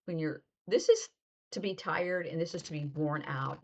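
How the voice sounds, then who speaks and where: A woman's voice: low-pitched, normal speed, creaky, darkish tone, muffled recording. A woman teaching a casual video lesson, chatty and loose, acting out little example dialogues as she explains. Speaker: sign language teacher.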